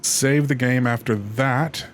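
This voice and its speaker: A man's voice: mid-range voice, slow, soft background music. Chatty man hosting a game stream. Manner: chatty, rambling, many restarts and fillers. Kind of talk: casual let's play commentary.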